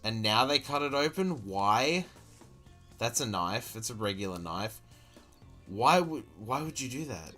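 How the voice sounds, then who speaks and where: An Australian man rants through a video he is watching, cursing and sounding disbelieving the whole way. His pitch sits in an everyday middle range. Faint music plays quietly behind him. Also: expressive, a little slow. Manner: exasperated, sweary, incredulous. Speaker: streamer reacting to a video. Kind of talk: profane running commentary.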